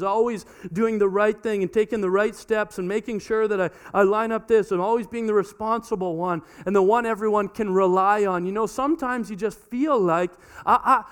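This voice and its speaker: A man in his thirties preaching a sermon to a congregation, telling a lively family story and acting out the dialogue, often repeating words as he restarts a sentence. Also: high voice, smooth. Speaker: pastor. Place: church hall before a congregation.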